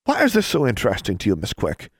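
A man's voice: lowish voice, huge pitch swings, fast talker, no room sound, clean studio sound, full character voice. A man voicing a curt, frustrated woman teacher in a storybook reading, clipped and dismissive. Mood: exasperated.

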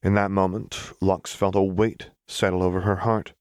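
A man reading fan fiction aloud in a measured, even narration. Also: low-pitched, clean tone, no room sound, clean studio sound. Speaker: audiobook reader.

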